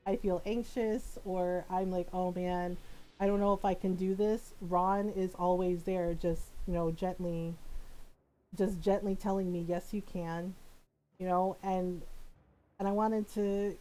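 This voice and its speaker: A woman's voice: medium pitch, mellow, low-quality recording. A woman streamer chatting casually and affectionately while playing a game, laughing often.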